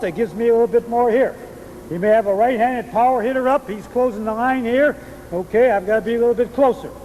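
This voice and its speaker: Man, baseball coach, high voice, distant echoey old-tape sound, walks through each step. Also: darkish tone, slight background noise. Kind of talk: instructional demonstration. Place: outdoor baseball field. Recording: distant, roomy old VHS audio.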